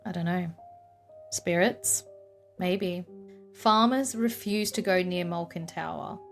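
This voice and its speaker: A young woman telling a history vlog in an emotional storytelling style, sighing and trailing off into soft asides. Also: on the low side, takes it slowly, soft background music. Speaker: paranormal history vlogger.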